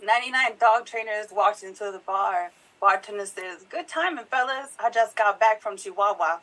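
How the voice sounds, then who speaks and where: A woman telling quick pun jokes in an online improv game over a video call. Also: mid-range voice, steady tone, a bit bright, poor audio. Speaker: improv player. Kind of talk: quick-fire joke telling.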